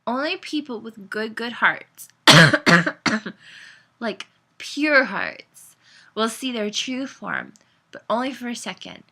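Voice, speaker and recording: A woman voicing a frightened, stubborn teenage girl in a storybook reading, with shrill bursts of indignation. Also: sing-song, slow, pushed and bright, exaggerated voice. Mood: anxious.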